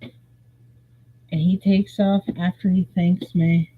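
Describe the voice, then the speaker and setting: Slow, husky live stream storyteller. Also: mid-range voice. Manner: rambling, animated, swears freely. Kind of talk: casual storytelling. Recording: tinny phone-like audio.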